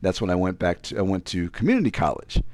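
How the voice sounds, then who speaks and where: Lively, low-voiced man telling a story. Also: fast talker, no echo. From Virginia. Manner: rambling, self-deprecating, frequent restarts. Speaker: podcast co-host. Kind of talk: casual storytelling chat.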